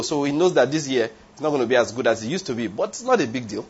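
Husky preacher, lo-fi sound. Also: male voice, medium pitch, animated, fast talker. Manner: emphatic, rhetorical questions, wanders into tangents. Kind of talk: sermon. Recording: dull lo-fi sound.

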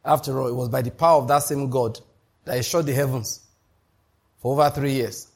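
A man preaching a sermon, emphatic and rising in pitch to drive his points home, often checking that his congregation is following him. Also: fairly even intonation, brisk. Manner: asks the congregation to repeat and confirm. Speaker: pastor.

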